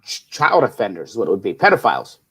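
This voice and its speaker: A man's voice: lowish voice, wildly swooping pitch, quick pace, a bit bright, husky. A man co-hosting a casual political talk show, blunt and emphatic, with frequent swearing. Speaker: co-host.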